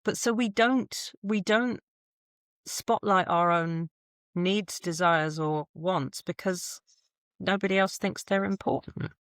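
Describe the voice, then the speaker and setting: A woman's voice: fairly low pitch, slow, dry recording, studio quality. A woman in her forties, a podcast guest telling frank stories with blunt humour and laughs. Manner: blunt, animated storytelling with laughs. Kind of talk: candid conversational interview.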